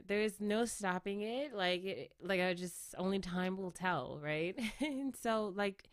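A woman's voice: mid-range voice, slow pace, hardly any pauses, no echo, studio quality. A woman casually telling a personal story in a reflective, rambling way, full of "like" and "right?" tag questions. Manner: reflective, laughs often.

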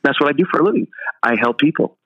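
A man's voice: on the high side, racing. An older man who is a pastor talks as an interview guest. He tells stories with energy and acts out the other people's dialogue. The recording sounds slightly muffled and lo-fi. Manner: animated storyteller acting out dialogue.

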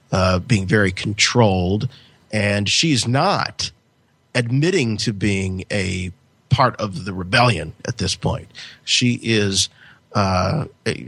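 A man hosting a podcast, chatting in an enthusiastic, lively way. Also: on the low side, breathy edge, no echo. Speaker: podcast host. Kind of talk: casual chat.

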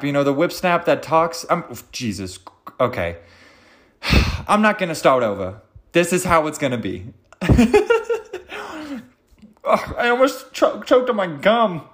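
This podcast host's voice is on the high side and a bit bright. Alone on his show, he riffs unscripted, joking, swearing and poking fun at himself.

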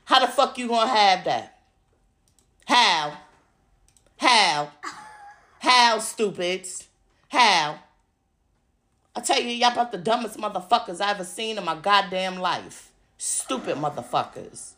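A woman hosts a podcast in an angry, swearing rant. She repeats her insults and mocks the people she is talking about. Her voice sits at an average pitch for a woman. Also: animated, a little slow, pauses often, pushed and bright. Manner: profane, mocking, repeats insults. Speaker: podcast host. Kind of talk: angry ranting monologue.

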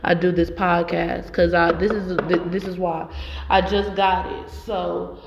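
A woman's voice: lowish voice, flat delivery, unhurried, creaky, slight background noise. A young adult woman hosting a podcast, telling a story in a rambling, profane and emphatic way. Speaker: podcast host. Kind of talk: casual monologue. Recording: dull sound with long reverb.

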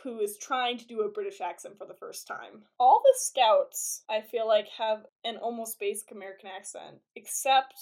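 A young adult woman co-hosting a podcast in casual chat, talking in a chatty, animated way and laughing as she talks. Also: fairly high pitch, normal speed, hardly any pauses. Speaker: podcast co-host.

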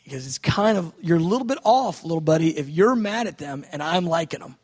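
A man preaching a sermon, moving between quiet reflective speech and loud, excited outbursts as he acts out prayers. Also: on the high side, a little fast, long reverb tail. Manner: swings from soft musing to loud excited outbursts.

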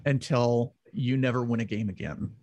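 A man, likely in his forties, co-hosting a casual chat, animated and quick to laugh loudly. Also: mid-range voice. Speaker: podcast co-host.

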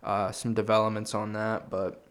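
A man's voice: fairly low pitch, level tone, normal speed. A young man co-hosting a sports podcast, chatting casually in a rambling, profane way. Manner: profane, rambling, thinks aloud. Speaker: podcast co-host.

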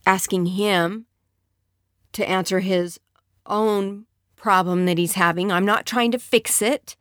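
A woman's voice: mid-range voice, fairly even intonation, slow pace, fairly bright tone, no echo, studio quality. A woman speaking earnestly and conversationally, giving relationship advice to other women.

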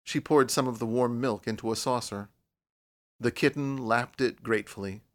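A man narrating a storybook in a measured, even way, with a voice that sits at an ordinary middle pitch for a man. The delivery is steady, unhurried reading. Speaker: audiobook narrator. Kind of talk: scripted narration.

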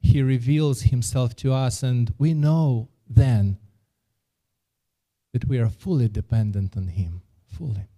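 A man's voice: medium pitch, slow, mellow. A man preaching a sermon and telling a personal story, speaking earnestly and often repeating words as he restarts his phrases.

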